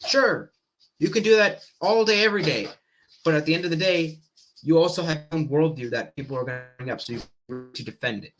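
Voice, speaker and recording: A man hosting a stream, giving fast, animated reaction commentary and often breaking off mid-sentence. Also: on the high side. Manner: fast-talking, animated, self-interrupting. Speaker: stream host.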